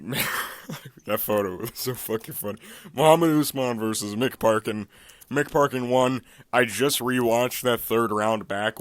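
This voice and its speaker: A man giving a casual, profane, excitable recap of mixed martial arts fights, often breaking into laughter. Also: fairly low pitch, no room sound. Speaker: MMA fight recap YouTuber.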